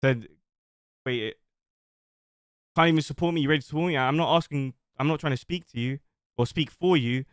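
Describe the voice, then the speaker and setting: A man's voice: fairly high pitch, brisk, pauses often, no room sound, clean studio sound. Man talking defensively on stream. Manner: defensive, rambling, reads screenshots aloud. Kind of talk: livestream talk, reading out messages.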